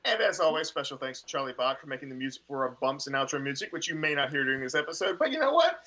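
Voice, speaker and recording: A man co-hosting a podcast, excitable and exclamatory as he thanks the listeners. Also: medium pitch, racing. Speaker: podcast co-host. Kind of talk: casual podcast chat.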